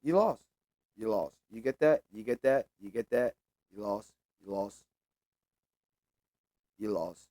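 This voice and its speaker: A man's voice: on the low side, measured pace, long pauses, warm tone, no room sound. A young man hosting a sports show, making casual predictions alone, with loose, repetitive trash talk and free swearing.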